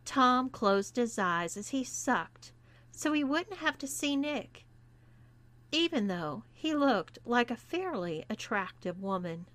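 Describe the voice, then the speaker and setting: A woman reading a scripted story aloud as narrator, in a deliberate manner. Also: fairly high pitch, sing-song, a bit bright. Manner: slow and deliberate. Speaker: erotica reader.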